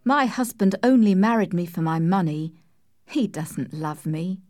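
A woman voicing a troubled young Victorian wife who speaks softly and sadly. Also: on the high side, lively intonation, a little slow, no room sound, clean studio sound. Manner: soft, sad, pleading.

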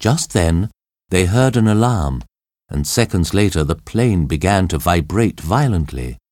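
A man narrating an audiobook story in a dramatic, expressive reading. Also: sits low, unhurried, dry recording, clean studio sound.

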